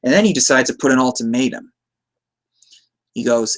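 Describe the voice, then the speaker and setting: A man's voice: medium pitch, normal speed, pauses often. A man hosting a podcast, recapping a movie in a casual, rambling way, chuckling often and slipping into quoted lines. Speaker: podcast host.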